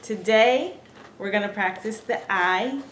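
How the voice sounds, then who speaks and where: Woman, pronunciation teacher, patient, repeats words, slow pace, echoey room. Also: mid-range voice, fairly bright tone. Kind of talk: pronunciation lesson. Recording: echoey room with faint ambient noise.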